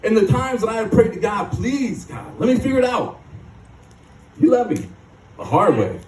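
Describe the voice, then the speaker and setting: A man's voice: sits high, wildly swooping pitch, moderate pace, a little mellow, recorded from a distance. Guy from michigan rambling and laughing through his recovery story, echoey room. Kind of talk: recovery testimony talk. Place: live rally stage. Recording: echoey and off-mic.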